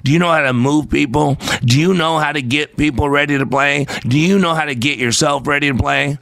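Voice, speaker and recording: A man's voice: on the high side, a little fast, vocal fry, a bit bright. A man hosting a motivational radio show as a leadership coach, speaking with an emphatic, preacher-like cadence.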